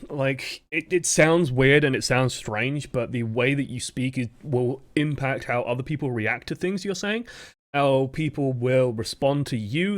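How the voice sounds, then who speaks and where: A young man coaching players, giving a live-streamed review of gameplay footage. He talks fast in a projected, expressive way and swears casually. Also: medium pitch, no room sound, studio quality.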